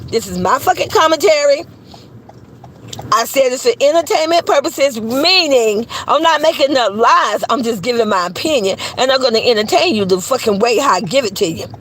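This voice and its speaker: A high-pitched woman delivering gossip commentary in a blunt, swear-heavy rant. She keeps repeating herself, calls people names and fires off rhetorical questions. A faint hiss sits under her voice. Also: expressive, normal speed, a bit bright, low-quality recording. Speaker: gossip commentary channel host. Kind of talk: profane opinion commentary.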